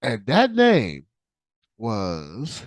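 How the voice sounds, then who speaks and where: Speaking very slowly in a mid-range voice, a podcast host goes on a casual, animated rant full of profanity. He repeats himself, keeps restarting, and trails off into fillers, all captured in a dry recording.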